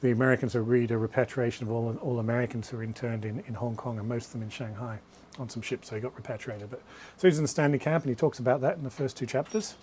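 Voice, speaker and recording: Man, author giving a live bookshop talk, rapid rambling anecdotes, mid-pitched voice, faint background hum. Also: fairly even intonation, darkish tone. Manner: rambling, anecdotal, many restarts and asides. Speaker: author presenting his books. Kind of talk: live talk to a small audience.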